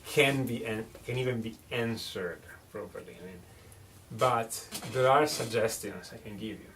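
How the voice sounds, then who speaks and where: A man's voice: mid-range voice, moderate pace, fairly bright tone, distant mic, a little hiss or hum. A man teaching songwriting in a casual one-on-one lesson, joking and often restarting his phrases.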